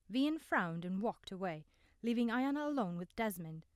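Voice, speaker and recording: A woman narrating a novel in an even, measured reading voice, close to the mic. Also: medium pitch, no room sound. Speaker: audiobook narrator. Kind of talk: scripted narration.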